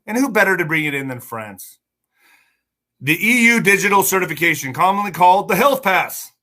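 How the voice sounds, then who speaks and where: A fairly high-pitched man with a sharp, bright tone hosts a casual news podcast. He reads headlines aloud, trips over words, and breaks into angry, swearing rants. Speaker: podcast host.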